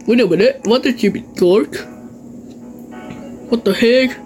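A woman streaming a game, talking in halting bits that trail off and breaking into loud squeals and curses. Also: fairly high pitch, soft background music, rough recording. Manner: loud sudden squeals and swearing. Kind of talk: excited gameplay commentary.

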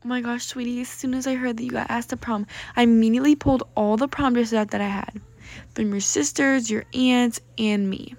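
A woman voicing a doting, fussy mother in a toy role-play story, loud and cheerful. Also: fairly high pitch, fairly even intonation, a little fast, dry recording, natural voice.

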